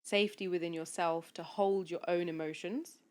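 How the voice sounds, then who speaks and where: A woman speaking as a podcast guest, a coach talking in a soft, flowing, earnest way with many fillers. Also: on the low side, steady tone, normal speed, clean tone. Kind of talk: casual podcast conversation.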